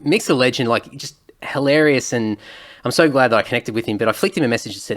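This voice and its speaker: A man's voice: mid-range voice, fast talker. Easygoing male podcast host. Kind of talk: casual podcast interview.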